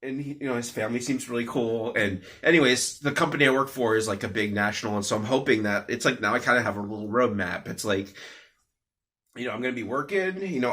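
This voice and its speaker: A man's voice: medium pitch, bright, forceful tone. A young man giving an off-the-cuff personal update at home, rambling with many fillers and restarts. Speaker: vlogger.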